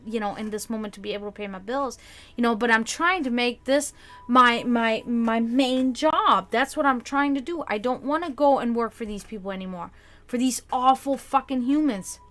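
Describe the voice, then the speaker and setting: A woman's voice: a little high, moderate pace, fairly bright tone. A young woman hosting a livestream, talking casually to her chat and ranting in frustration with frequent swearing. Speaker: livestream host.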